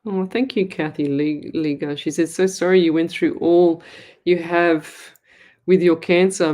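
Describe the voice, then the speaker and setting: A middle-aged Australian woman hosting a live psychic show, chatting and reading viewer comments aloud in a warm, chatty way. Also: fairly low pitch. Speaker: psychic medium show host.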